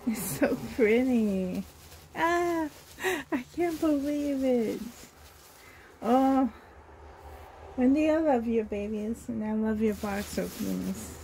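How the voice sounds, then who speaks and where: A woman's voice: on the high side, takes it slowly, vocal fry, pauses often, warm tone, slight background noise. A woman from Canada chatting through a doll unboxing in a gushing, effusive way, laughing often, with a slight cough and tears. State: coughing, teary. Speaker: reborn doll collector vlogger. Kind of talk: unboxing vlog chat.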